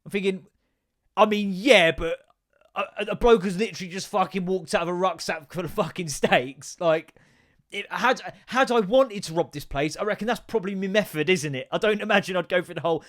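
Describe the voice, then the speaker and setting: Man, thirties, casual comedic monologue, sweary, animated, loud bursts. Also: high voice, fairly quick. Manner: sweary, animated storytelling with sudden loud outbursts. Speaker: podcast host.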